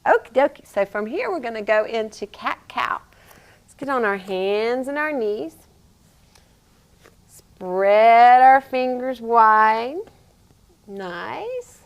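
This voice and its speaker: Slow-spoken encouraging woman yoga teacher. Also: a little high, lively intonation. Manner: encouraging, playful, sing-song with animal sounds. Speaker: yoga teacher and physical therapist. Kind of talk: guiding a kids' yoga class.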